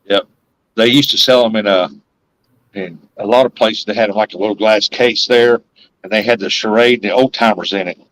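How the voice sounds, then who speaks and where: A man's voice: fairly low pitch, fairly quick, fairly bright tone, poor audio. A man hosting a live stream, rambling casually and laughing often. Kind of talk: casual chat.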